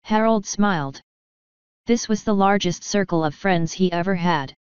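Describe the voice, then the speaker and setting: A woman with a low-pitched, very smooth voice narrates a fan story calmly and evenly. The sound is dry and close, with a slightly dull, lo-fi tone. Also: normal speed, no room sound. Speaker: fanfiction reader.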